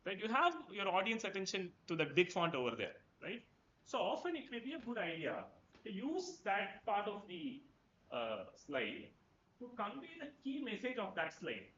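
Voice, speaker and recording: A man's voice: sits high, sing-song, normal speed, a bit bright, slight background noise. A professor giving a conversational lecture to students, who keeps checking in with "right?" after his points. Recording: dull, roomy lecture hall sound.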